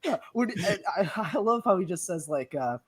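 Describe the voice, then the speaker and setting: Panelist, lively pitch, amused, laughs through lines, casual. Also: moderate pace. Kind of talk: casual podcast chat.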